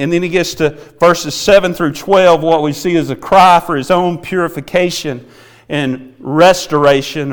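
Man, preacher, earnest sermon, high voice, smooth clear tone, repeats words when restarting. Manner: earnest, swings between emphatic and hushed; sings a few hymn lines.

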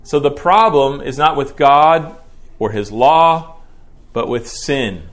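A man's voice: mid-range voice, takes it slowly. A man preaching through a Bible passage, explaining it step by step and often checking in with a rhetorical "right?". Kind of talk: expository Bible teaching.

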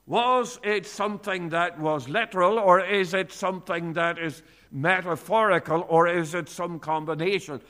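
A man's voice: high-pitched, normal speed, hardly any pauses, sharp tone. A middle-aged man preaching a sermon, earnest, with frequent hesitations and rising emphasis on key points.

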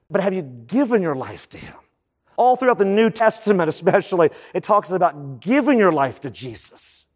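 A man's voice: fairly high pitch, a little mellow, long reverb tail. A man preaching a sermon as pastor, emphatic and repeating key phrases for effect.

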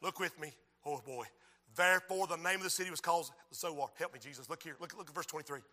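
A male pastor preaching a sermon in a church, moving between quiet lines and shouted appeals. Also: fairly high pitch, quick pace. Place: church sanctuary.

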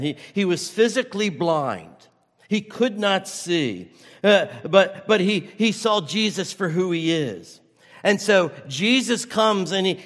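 A man's voice: on the high side, fairly bright tone, big-room sound. A man preaching a sermon as pastor, earnest and urgent, often restarting his phrases.

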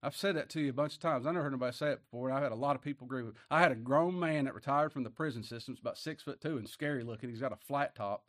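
An older man preaching a sermon, swinging from hushed words to loud emphatic passages. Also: mid-range voice, rapid-fire, few pauses, no echo, clean studio sound. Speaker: pastor.

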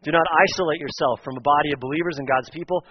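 A man's voice: fairly high pitch, steady tone, racing, slightly rough, dull audio. A male pastor preaching a sermon in an earnest, emphatic way, repeating his key points.

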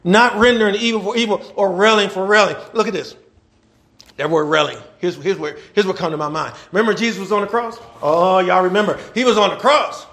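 A man's voice: sits high, fairly quick. A middle-aged man preaching a sermon in a folksy way, asking the congregation rhetorical questions and laughing between points. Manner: animated preaching, rhetorical questions, call and response.

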